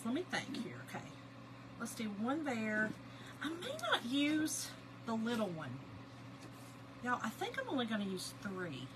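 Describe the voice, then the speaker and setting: A middle-aged woman, chatting and telling animated family stories to viewers while she crafts on a livestream. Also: a little high, noisy background. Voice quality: lively, animated storyteller, greets chat viewers by name.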